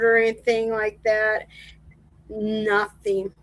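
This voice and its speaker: Here a Michigan-born woman from the US Midwest chats casually as a guest on a live stream via video call, her mid-range voice flat, slightly slow, and a little bright. The recording is rough. She often laughs and performs the conversations she's quoting.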